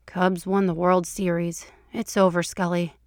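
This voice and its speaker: A woman's voice: on the low side, little pitch movement, unhurried, a little mellow, dry recording, studio quality. A woman voicing a wry middle-aged male agent who talks about the end of the world over a baseball game in mock-grave, theatrical tones, in an audio reading of fan fiction.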